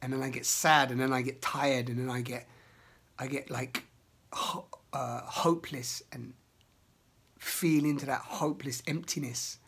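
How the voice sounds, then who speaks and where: A man's voice: mid-range voice, fairly even intonation, a little slow, gravelly, husky. Man venting in a rambling outdoor vlog. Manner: rambling, emotional, swears often, shouts in bursts. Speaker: vlogger. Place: outdoors in nature.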